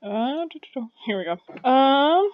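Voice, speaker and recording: A woman's voice: sits high, big pitch swings, a little slow, lo-fi sound, a little hiss or hum. A woman running a tabletop game as game master, talking in a rambling way with many fillers.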